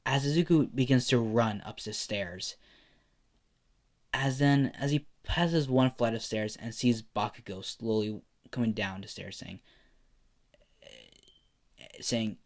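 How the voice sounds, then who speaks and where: A man's voice: on the low side, measured pace. A man tells an improvised fan story. He rambles, restarts sentences and fixes his words as he goes. It is an unpolished, spur-of-the-moment narration.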